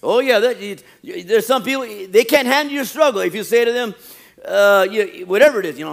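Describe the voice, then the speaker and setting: A male pastor preaching a sermon, animated, often acting out quoted churchgoers. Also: sits high, fairly quick.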